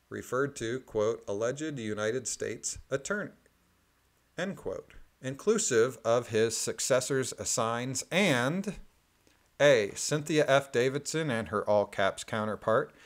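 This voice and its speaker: Man methodically reading documents aloud. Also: medium pitch. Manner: methodical, deliberate reading with plain spoken asides. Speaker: commentator reading court filings.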